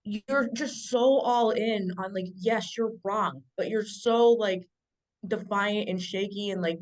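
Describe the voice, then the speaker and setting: A woman's voice: mid-range voice, fairly even intonation, a little slow. A woman telling stories bluntly in a casual group chat, swearing freely and laughing. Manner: blunt, profane, laughing storyteller. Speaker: panel guest.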